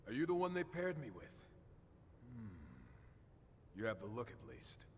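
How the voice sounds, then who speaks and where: A man's voice: medium pitch, very animated, measured pace, a little hiss or hum. A grandiose swordsman mentor. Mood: solemn. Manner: solemn, grandiose. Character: earnest self-styled male swordsman mentor. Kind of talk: video game dialogue. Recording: game audio with reverb and music.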